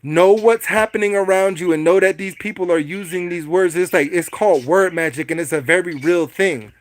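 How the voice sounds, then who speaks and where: Man, high-pitched voice, livestream host, preachy, repetitive, talks straight to viewers. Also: normal speed. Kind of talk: casual livestream talk to chat.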